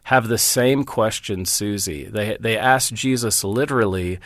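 A man's voice: on the low side, unhurried, a bit bright, dry recording, studio quality. A middle-aged man, a Bible teacher, speaking as a guest in an interview, earnest and storytelling as he walks through scripture references. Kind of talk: interview conversation.

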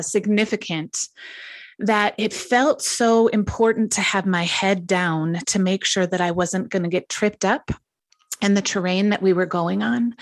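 A middle-aged woman pastor speaks as a talk show guest, her delivery gentle, earnest and reflective. Her voice sits in a middle register. The recording is dry and close, with no room echo. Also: mid-range voice. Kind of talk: devotional talk show conversation.

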